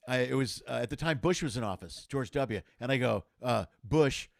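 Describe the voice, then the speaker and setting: A middle-aged man in casual chat, telling a story in an animated way and acting out the voices of the people in it. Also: mid-range voice, normal speed, gravelly, no room sound, studio quality. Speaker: comedian guest.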